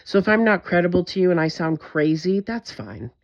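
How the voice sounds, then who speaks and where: A woman's voice: on the low side, very animated, brisk, dull audio. A woman vlogger in a direct-to-camera monologue, talking in an intense, emphatic way, frustrated and swearing often.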